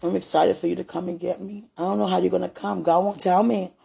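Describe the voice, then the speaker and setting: Woman, husky casual monologue, prayerful then giggly, halting delivery. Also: lowish voice. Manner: prayerful, swings from hushed musing to giggling excitement; laughs often, talks in fits and starts. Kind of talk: casual spoken monologue to a loved one and to God.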